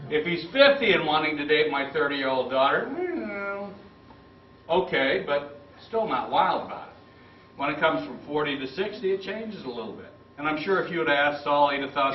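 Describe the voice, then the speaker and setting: A man in his fifties giving a storytelling speech at a club meeting, acting out the quotes with lively turns. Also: on the high side, moderate pace, slight background noise. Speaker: club speaker. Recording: roomy, distant, dull lo-fi.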